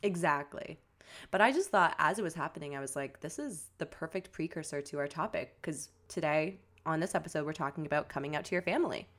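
A young woman co-hosts a podcast in her lower register. She talks in a loose, chatty way, full of "like" fillers, and mimics her relatives' lines as she tells a story. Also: lively intonation, fairly quick, fairly bright tone. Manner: chatty storytelling, many "like" fillers, acts out family quotes. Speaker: podcast co-host. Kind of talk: casual podcast chat.

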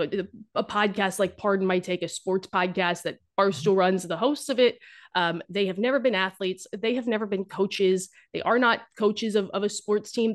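A young woman who makes dating content, talking casually and with humor in an interview, full of fillers and restarts. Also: medium pitch. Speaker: guest, dating content creator.

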